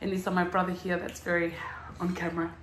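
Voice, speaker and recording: A woman's voice: on the low side, monotone, fast, a loud crowd. A woman hosting a casual chat at home, telling stories in a bubbly way and acting out what people said with laughter. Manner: bubbly storyteller, acts out quotes with laughter. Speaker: host. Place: house, indoors. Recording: echoey room.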